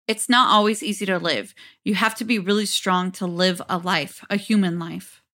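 A woman voicing an adult female therapist as she reads a transcript aloud, calm and coaxing, sometimes harsh. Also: medium pitch, normal speed, lightly acted. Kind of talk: dramatic transcript reading.

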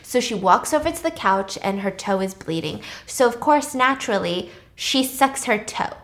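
A woman host recapping a film's plot in a chatty, animated way, with wry asides and giggles. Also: mid-range voice, normal speed. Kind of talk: comedic film recap.

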